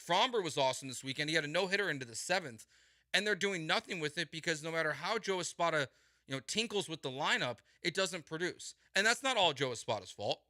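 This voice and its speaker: A male sports radio host with a very bright, forceful voice that sits a little high for a man. He argues in an emphatic, exasperated way, hammering points home by repeating words. The sound is dry and close. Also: lively intonation, fast, no room sound. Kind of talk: heated sports talk.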